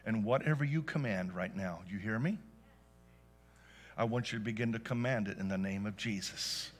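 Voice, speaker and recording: A man preaching a sermon to a church congregation, telling stories and rising to loud emphatic peaks. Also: lowish voice, normal speed. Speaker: pastor. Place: church service.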